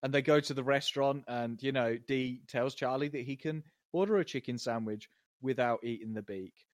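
Relaxed man chatting about a TV episode. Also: medium pitch, moderate pace, no echo, clean studio sound. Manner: relaxed, quotes lines from the show, laughs often. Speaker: podcast co-host. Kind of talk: casual chat recapping a TV episode.

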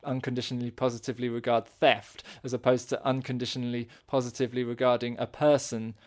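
A man's voice: mid-range voice, flat delivery, quick pace. A man in casual podcast chat, thinking aloud and searching for his words. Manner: thoughtful, searching for words, many restarts.

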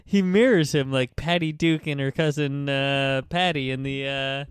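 A man's voice: mid-range voice, fairly even intonation, unhurried, smooth, dry recording, studio quality. Rambling, filler-heavy casual man. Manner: rambling, profane retelling full of fillers. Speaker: podcast host retelling a book. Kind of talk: casual chat.

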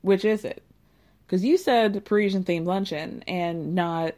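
A woman's voice: lowish voice, a little slow, mellow. A woman in a casual, chatty recap, her tone sarcastic and gossipy. She keeps breaking into laughter and whoops as she picks apart what she saw. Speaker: podcast host recapping a reality show.

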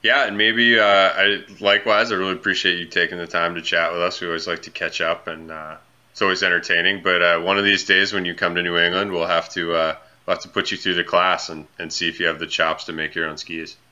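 A man guesting on a conversational interview, talking casually about his ski company and telling a relaxed, rambling story with plenty of fillers. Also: sits low, fast talker, muffled recording.

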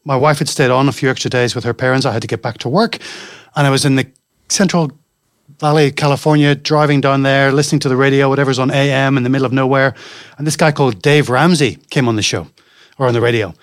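A man's voice: mid-range voice, fairly even intonation, fast talker, dry recording, clean studio sound. A man in his forties from Northern Ireland with a Northern Irish accent blended with Scottish and London tones, chatting easily as a podcast guest and telling his story. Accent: Northern Irish, mixed with Scottish and London. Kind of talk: casual interview chat.

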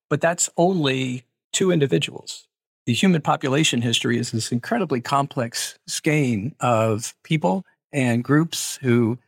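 A middle-aged man, an archaeologist, answering interview questions in a measured, explanatory way with hedging asides. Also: medium pitch, breathy edge, no room sound, studio quality. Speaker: archaeologist guest.

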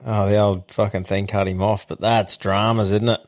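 A lowish-voiced Australian man hosts in a relaxed, chatty way. He swears offhandedly between comments. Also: moderate pace. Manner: easygoing, swears casually. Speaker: podcast host. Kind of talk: casual chat.

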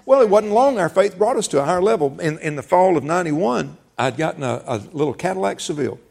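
A man's voice: high-pitched, lively intonation, fast talker, creaky, darkish tone. A middle-aged man, a pastor, preaching a sermon in a folksy storytelling way, laughing and quoting conversations as he goes.

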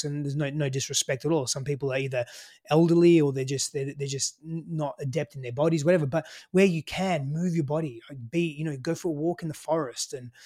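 A man's voice: a little high, a little mellow. A man with an Australian accent, a podcast guest talking loosely and emphatically in a casual interview, swearing freely.

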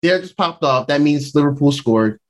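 A man's voice: on the high side, normal speed. A man casually recapping a TV episode for a podcast, acting out the characters' lines with slang. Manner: animated retelling, acting out quotes in a raised voice. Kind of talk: casual chat.

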